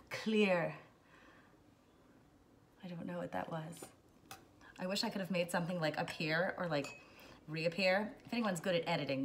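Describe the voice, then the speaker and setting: A woman's voice: on the low side, a bit bright, slight background noise. A woman hosting a casual cocktail how-to, chatty and jokey, wandering into playful asides as she mixes. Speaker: home bartender host.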